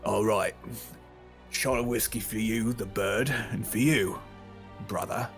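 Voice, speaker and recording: A man narrating a tabletop game as its game master, speaking slowly and hesitantly with plenty of pauses. His pitch is ordinary and middle of the range, and faint music plays underneath. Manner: relaxed, hesitant, many ums.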